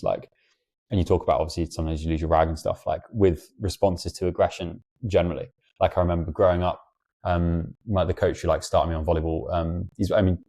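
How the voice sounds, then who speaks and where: Fast-talking deep-voiced man. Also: dark tone. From England. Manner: chatty, lots of fillers, quick storytelling. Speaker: podcast host. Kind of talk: casual interview chat.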